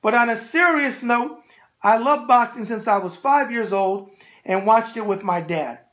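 Brash New man, animated. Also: very high-pitched, unhurried. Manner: brash, animated, repeating a catchphrase. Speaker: boxing show host answering viewer mail. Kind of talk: casual solo video mailbag.

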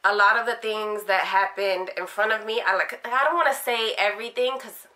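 A woman's voice: medium pitch, moderate pace, pushed and bright. A young woman from Philadelphia telling a candid personal story to camera, emotional and heartfelt, rambling with fillers. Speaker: vlogger.

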